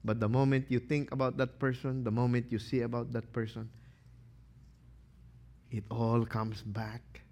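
Guy preaching slow and lively, keeps asking the crowd stuff, mid pitch. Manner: animated, questions the congregation, acts out quotes. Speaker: pastor. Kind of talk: sermon.

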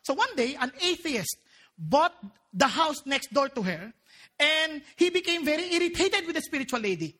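Woman preacher: high, bright voice, lively and playful from the pulpit. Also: normal speed. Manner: animated and joking, mixing in local phrases. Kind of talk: sermon.

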